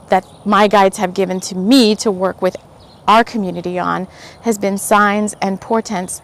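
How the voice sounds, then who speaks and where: Female podcast host, casual spiritual chat, rambling and animated delivery. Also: mid-range voice. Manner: rambling, animated storytelling with frequent "like" and laughs.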